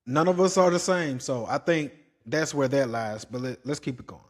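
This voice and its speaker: A man's voice: mid-range voice, expressive, moderate pace. A man hosting a podcast, reacting to clips with blunt, preachy opinions that rise to exasperated outbursts. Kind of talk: opinionated commentary.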